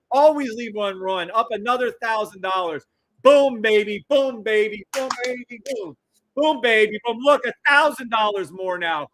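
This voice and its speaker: Man, middle-aged, high voice, loud excited trading streamer, profane, repeats himself. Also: no echo, low-quality recording. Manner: hyped, yelling, profane, repetitive hype phrases. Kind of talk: live-stream trading commentary.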